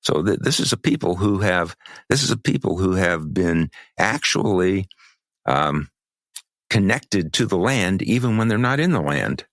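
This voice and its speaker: A man co-hosting a podcast, talking in a measured, halting way with many restarts, and losing his voice. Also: low-pitched, animated, no echo. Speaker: podcast co-host. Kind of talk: podcast conversation.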